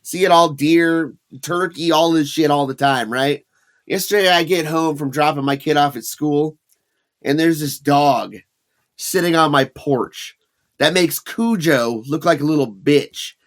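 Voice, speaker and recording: A man in his thirties co-hosting a podcast, telling a long story in a profane, animated way. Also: on the high side, a little slow. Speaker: podcast co-host. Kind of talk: casual storytelling chat.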